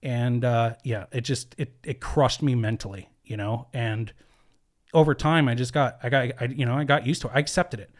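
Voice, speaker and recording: A man's voice: mid-range voice, normal speed. A man as a podcast guest in a studio, telling a personal story earnestly, with many fillers and restarts. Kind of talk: candid conversational storytelling.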